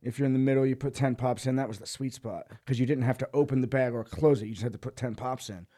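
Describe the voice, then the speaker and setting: A man's voice: mid-range voice, fairly even intonation, quick pace, warm tone. A young man casually telling a rambling, profanity-laced story, often laughing as he talks. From Boise, Idaho. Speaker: podcast guest storyteller.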